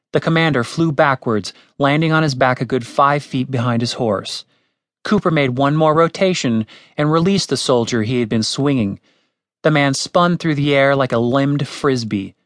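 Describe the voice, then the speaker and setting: A man reading a comic fantasy audiobook in a lively storytelling manner. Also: mid-range voice, no echo. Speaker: audiobook narrator. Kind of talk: scripted comic fantasy narration. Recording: dry studio recording.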